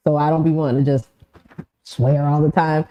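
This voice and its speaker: A woman's voice: low-pitched, steady tone, normal speed, dark tone, muffled recording. A mother co-hosting a podcast, chatting casually in an easygoing way. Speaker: podcast co-host. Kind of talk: casual chat.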